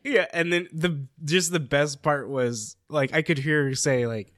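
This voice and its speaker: Relaxed man chatting, dry close sound. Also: a little high, measured pace, no room sound. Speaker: friend in a casual chat. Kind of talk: casual chat.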